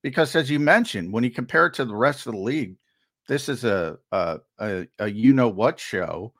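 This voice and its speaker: A man co-hosting a sports talk show, pressing his points emphatically. His pitch sits in the middle, and his delivery rises and falls a great deal. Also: normal speed. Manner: emphatic, animated, repeats words for stress. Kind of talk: heated sports talk commentary.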